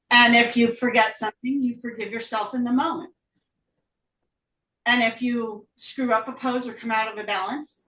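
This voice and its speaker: A woman teaching a live yoga class, out of breath, calling breath and pose cues with brisk energy. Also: a little high, fairly bright tone. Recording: roomy echo, voice from a distance.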